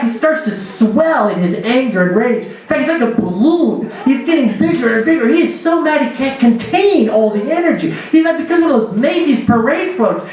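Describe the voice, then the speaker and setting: A man who teaches spirituality, telling a lively personal story to a church dinner gathering. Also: very high-pitched, slight background noise. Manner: animated storyteller, acts out his own voice in quotes. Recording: echoey hall recorded from far off.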